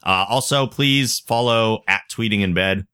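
A man hosting a podcast in casual chat, talking in a relaxed, chatty way and reading out plugs and contact details. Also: fairly low pitch, a little slow, smooth. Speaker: podcast host.

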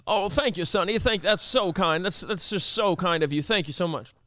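A man's voice: high-pitched, dry recording, studio quality. A man doing a cranky very old grandpa. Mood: sweetly grateful. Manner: slow, doddering thanks; shouting cranky rants. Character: very old grandpa, sweet then furious.

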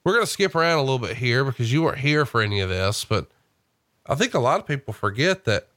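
A man's voice: medium pitch, pushed and bright, dry recording, clean studio sound. Chatty man hosting a podcast. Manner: chatty storyteller who reads out quotes. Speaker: host. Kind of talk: casual podcast conversation.

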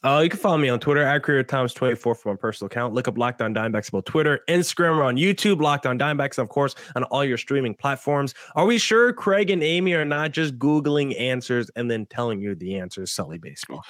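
A man's voice: medium pitch, fast talker, hardly any pauses, a bit bright, no echo, studio quality. A man hosting a sports podcast, eagerly spinning theories in casual chat and laughing between points. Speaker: podcast host.

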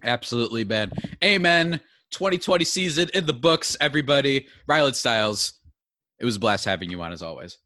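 A man's voice: mid-range voice, lively intonation, a little fast, sharp tone, no room sound. A man hosting a sports podcast, talking in an upbeat, casual way with fillers. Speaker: podcast host.

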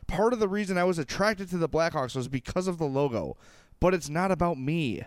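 A man co-hosts a sports podcast. He is emphatic and repeats himself as he lectures listeners. His voice is smooth and fairly high, and it sits dry and close on the mic. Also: expressive, brisk, no echo. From Illinois, USA. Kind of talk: opinionated sports talk.

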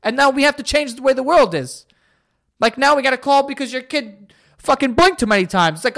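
A man's voice: extremely high pitch, animated, a little fast, vocal fry, a bit bright. A young man hosting a solo podcast, ranting in an exasperated, profane way. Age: young adult. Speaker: podcast host.

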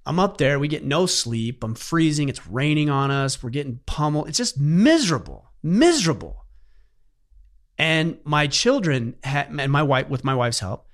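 A man's voice: a little high, sing-song, normal speed. A middle-aged man hosting a podcast, telling personal stories in an earnest, heartfelt way in casual conversation. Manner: earnest storytelling, emotional at times. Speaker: podcast host.

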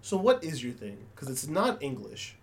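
A man's voice: mid-range voice, sing-song, normal speed. A man co-hosting a casual podcast, speaking in a wry, teasing and blunt way. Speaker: podcast co-host. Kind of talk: casual chat.

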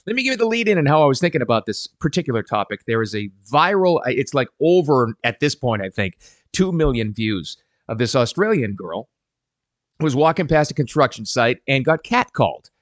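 A middle-aged man giving casual advice to camera, animated and emphatic. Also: medium pitch, brisk, dry recording. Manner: animated and emphatic, quoting people in voices. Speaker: parenting advice vlogger.

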